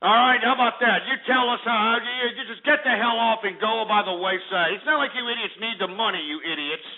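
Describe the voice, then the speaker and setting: Man, call-in radio host, high voice, brash and insulting, ranting delivery, narrow phone-like sound. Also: fairly quick. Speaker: radio talk show host.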